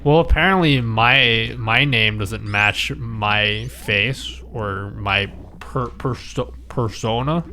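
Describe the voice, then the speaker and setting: A man's voice: medium pitch, slow, hardly any pauses, sharp tone, slight background noise. A man streaming live, chatting casually, reading chat aloud and joking with viewers.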